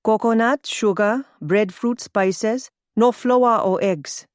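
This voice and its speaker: A woman voicing a composed island woman at a buffet, speaking calmly and politely. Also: on the high side, slow pace, no echo, clean studio sound, pitched above the performer's own voice.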